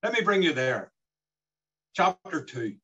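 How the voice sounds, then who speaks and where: A man's voice: on the high side, big pitch swings, measured pace, pushed and bright, slightly rough, muffled recording. A man preaching a sermon in an earnest way, his voice rising and falling as he quotes scripture.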